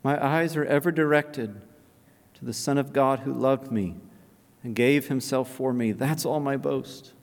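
A man preaching a sermon in a large church, building to loud, high climaxes and falling to near whispers. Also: a little slow. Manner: impassioned, swelling loud and high then dropping to a near whisper. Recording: long reverb of a large hall.

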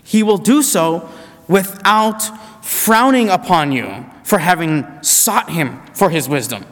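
Male preacher, somewhat high voice, emphatic sermon delivery in a church hall with long reverb. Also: lively intonation, a bit bright. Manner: emphatic, with slowed, repeated key phrases.

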